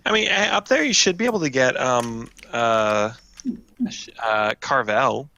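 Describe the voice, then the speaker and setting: A man talking haltingly, full of fillers and restarts, in casual banter among friends at a tabletop game session. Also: medium pitch, lively intonation, creaky, sharp tone, lo-fi sound. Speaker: player in a tabletop game podcast.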